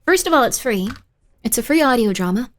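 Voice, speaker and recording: A woman's voice: on the high side, lively intonation, fairly quick. A woman streamer chatting casually on a live stream, rambling with many fillers.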